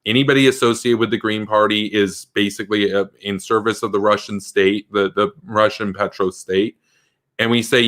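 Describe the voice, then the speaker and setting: Man, political commentator, combative, emphatic, bright voice. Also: lowish voice, fairly even intonation, moderate pace. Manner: combative, emphatic, rhetorical questions.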